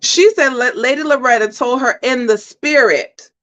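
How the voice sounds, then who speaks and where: Animated woman livestream host. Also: sits high, normal speed, few pauses, low-quality recording. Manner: animated, emphatic, talks straight to chat. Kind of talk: livestream commentary.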